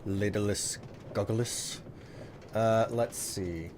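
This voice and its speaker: A man's voice: lowish voice, fairly even intonation, slow pace, noisy background. A man streaming a video game live, chatting playfully with his viewers and putting on mock outrage at them. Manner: playful, mock-indignant, talks to chat.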